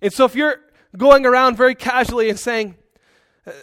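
Earnest pastor preaching a sermon. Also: male voice, very high voice, moderate pace, fairly bright tone, dry recording, clean studio sound. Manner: earnest and conversational, with asides.

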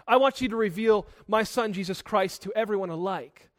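A young man delivers a sermon in a high voice, pressing his points hard. He shifts between loud, driving lines and softer ones. He often repeats a word as he restarts a sentence. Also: a little fast. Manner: emphatic, swings between loud and soft; repeats words when starting sentences. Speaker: pastor.

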